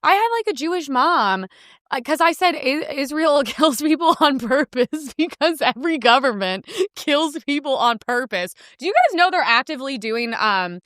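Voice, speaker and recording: A woman hosting a podcast, ranting in heated, fast commentary and clipping her swear words short, with a sore throat. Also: high-pitched, animated, fairly bright tone, no room sound, clean studio sound. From United States. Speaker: podcast host.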